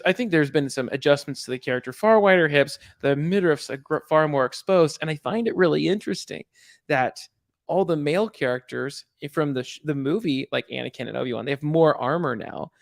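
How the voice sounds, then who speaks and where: A man's voice: on the high side, fairly quick, creaky, dry recording, studio quality. A man co-hosting a podcast, chatting casually about a cartoon episode, rambling and correcting himself as he goes. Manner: rambling, self-correcting, puts on voices when quoting. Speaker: podcast co-host. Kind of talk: casual review chat.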